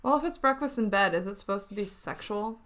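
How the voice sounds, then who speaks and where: Bright, animated woman chatting. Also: mid-range voice, quick pace. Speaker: podcast co-host. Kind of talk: casual chat.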